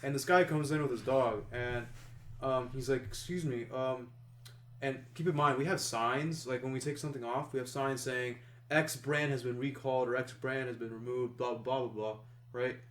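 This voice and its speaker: A man's voice: medium pitch, steady tone, normal speed, fairly bright tone. A man co-hosting a podcast, telling stories in a casual, rambling way full of "like" and restarts. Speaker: podcast co-host. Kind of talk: casual storytelling chat. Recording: roomy echo.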